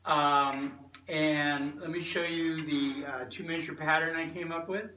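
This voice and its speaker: A man giving a casual drum lesson in a relaxed, halting way, with many fillers. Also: a little high, recorded from a distance, heavy background noise. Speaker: drum teacher. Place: room with drum set. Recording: roomy, from off-mic, loud drums.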